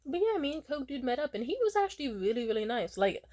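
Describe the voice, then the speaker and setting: A young adult woman telling a casual storytime vlog, chatty and profane, squealing high when she acts out other people. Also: big pitch swings, quick pace, darkish tone. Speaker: vlogger.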